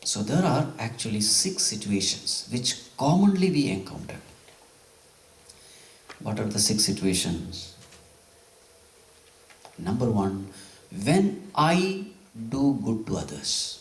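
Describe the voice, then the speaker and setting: A man's voice: medium pitch, big pitch swings, takes it slowly, long pauses, recorded from a distance. A man giving a spiritual scripture discourse, telling stories and asking his audience questions. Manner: storytelling, with frequent questions to the audience. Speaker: spiritual teacher. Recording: roomy hall, away from the mic.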